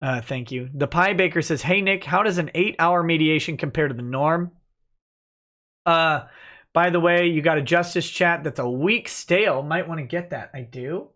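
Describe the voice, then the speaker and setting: A man hosting a casual livestream, reading out viewer comments and answering them in a relaxed, joking way, with many "uh" fillers. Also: on the high side, moderate pace. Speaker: lawyer and livestream host.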